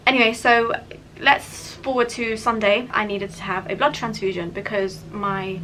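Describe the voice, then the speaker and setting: A woman's voice: medium pitch, steady tone, moderate pace, noisy background. A young woman telling a personal story in a candid, chatty vlog, with many "like" fillers. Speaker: vlogger.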